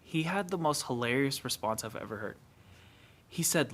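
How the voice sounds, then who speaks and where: A man casually telling a story from his work at a store, conversational and relaxed. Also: mid-range voice, moderate pace, long pauses. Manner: relaxed, conversational, quoting others in his own voice.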